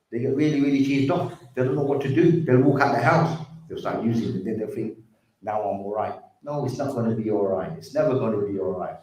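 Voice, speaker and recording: Man giving a heartfelt talk on addiction, mellow voice, really echoey hall, mic far off. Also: mid-range voice. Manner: earnest, repetitive, addresses listeners as brothers and sisters. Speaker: speaker on drug addiction. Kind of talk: community talk.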